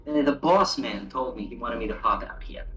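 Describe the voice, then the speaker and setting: A man's voice: mid-range voice, lively intonation, normal speed, sharp tone, a little hiss or hum. A man voicing a cocky male AI that lives in a robot's head, in a smug, offhand tone during a tabletop role-play.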